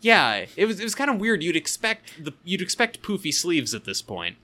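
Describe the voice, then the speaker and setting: A man's voice: high-pitched, sing-song, moderate pace, bright, forceful tone. A man co-hosting a casual podcast, riffing playfully and laughing easily. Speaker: podcast co-host. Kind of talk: casual chat.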